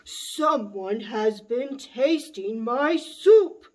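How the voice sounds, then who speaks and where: A woman voicing a big, gruff papa bear in a children's storybook, roaring slowly and loudly. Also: on the high side, lively intonation. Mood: booming. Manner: slow, loud and roaring.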